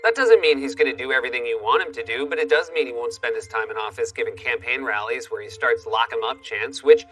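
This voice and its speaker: A man's voice: medium pitch, quick pace, hardly any pauses, fairly bright tone, recorded from a distance, rough recording. A man hosting a late-night show, delivering a sarcastic comedy monologue with punchy jokes.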